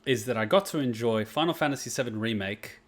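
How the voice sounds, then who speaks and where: A man hosting a casual reaction video, animated and outspoken, swearing and laughing as he talks. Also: medium pitch, fast talker.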